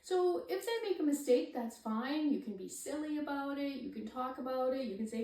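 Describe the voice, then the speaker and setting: A woman parenting coach explains how to read with a baby, then slips into gasping, high, sing-song baby talk to demonstrate. Her voice is mellow and a little high, recorded from some distance in a roomy, echoing space. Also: expressive, moderate pace, hardly any pauses. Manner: gasps and swoops up high when modeling talk to the baby. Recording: echoey room, somewhat far from the mic.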